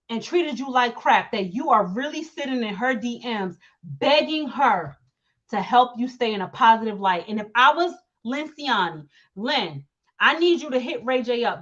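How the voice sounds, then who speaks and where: A woman hosting casual celebrity gossip commentary, animated and mocking, laughing often and talking in slang. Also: a little high, lo-fi sound. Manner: slangy talk, repeated phrases. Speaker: commentary host.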